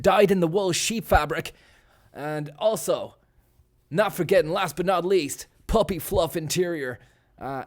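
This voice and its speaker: Man rattling off mock sponsor plugs. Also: on the high side. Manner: rapid-fire absurd sponsor plugs. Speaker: streamer host. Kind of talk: mock racing commentary.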